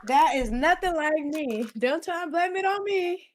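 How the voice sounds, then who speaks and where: A woman's voice: sits high, expressive, a little slow. A young woman in a casual group voice chat, teasing and defending herself.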